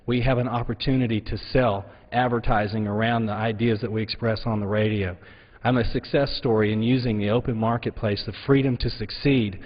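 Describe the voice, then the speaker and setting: Earnest man speaking in a big chamber. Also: mid-range voice. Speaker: congressman giving a floor speech. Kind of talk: prepared floor speech. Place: large legislative chamber. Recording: dull broadcast audio in a long-reverb chamber.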